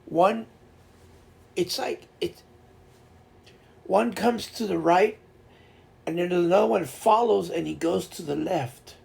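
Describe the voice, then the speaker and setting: Casual stream host, male, heavily gravelly and a touch high, rambling storyteller who restarts often. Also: slow pace, pauses often, a little mellow. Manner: laughs while telling fishing stories.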